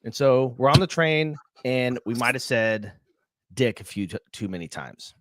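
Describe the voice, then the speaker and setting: A man co-hosting a podcast, telling a story in casual, profane, animated rants. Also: medium pitch, normal speed, dry recording, clean studio sound. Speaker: podcast co-host.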